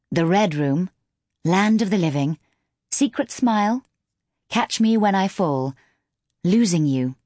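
This audiobook is narrated by a woman with a lowish voice, sitting close to a studio mic. She delivers the story in a measured, expressive manner, and the recording is dry.

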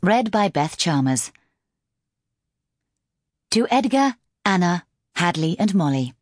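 Close to a studio microphone, a woman with a voice on the low side narrates an audiobook with measured, expressive storytelling.

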